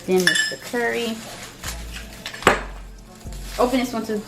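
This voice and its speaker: Young woman, cooking vlogger, casual teasing chat, fairly high voice. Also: slow, vocal fry, over loud music. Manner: playful, teasing, slangy.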